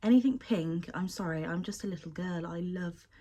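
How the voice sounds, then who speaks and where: A woman's voice: fairly low pitch, moderate pace, dark tone, a little hiss or hum. A young woman chatting casually and expressively as she unboxes and sniffs bath products, often poking fun at herself. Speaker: beauty product unboxing vlogger.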